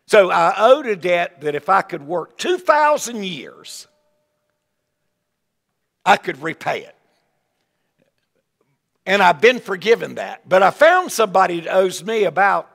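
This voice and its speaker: An older man delivers a revival sermon in a folksy, animated style, circling back on his own words. His voice sits a touch high and carries a gravelly edge. The sound rings with a long reverb from a large church sanctuary. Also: measured pace, long pauses. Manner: folksy, animated preaching with asides and repeated words. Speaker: evangelist preacher.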